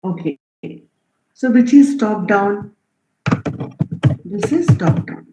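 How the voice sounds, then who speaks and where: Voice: medium pitch, lively intonation, slow pace, very noisy. A programming instructor giving a live online lecture, quizzing students, reading out their answers and checking in often with "okay?" and "right?". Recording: roomy, dull lo-fi stream audio.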